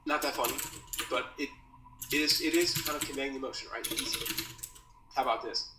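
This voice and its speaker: This copywriting course is taught by a man with a medium-pitched, steady voice who talks a little fast. He keeps it slangy and casual, tossing out dude and bro, captured on a distant mic with roomy echo and faint noise.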